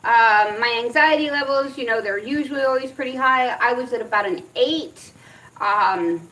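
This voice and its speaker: A woman from Arizona telling personal stories in a chatty, rambling vlog style, with many ums and animated retellings. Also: a little high, normal speed, distant mic, rough recording. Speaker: cannabis vlogger. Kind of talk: casual storytelling vlog.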